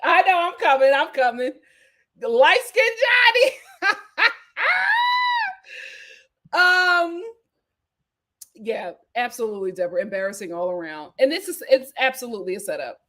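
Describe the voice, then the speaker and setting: A woman hosting a live reality TV recap, chatting in an animated, gossipy way. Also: fairly high pitch, brisk. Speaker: host.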